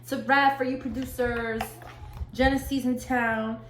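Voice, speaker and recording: A woman's voice: fairly high pitch, flat delivery, a little slow. A young woman, gushing and slangy as she unboxes gear in a casual vlog. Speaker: vlogger. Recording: echoey room, faint hiss.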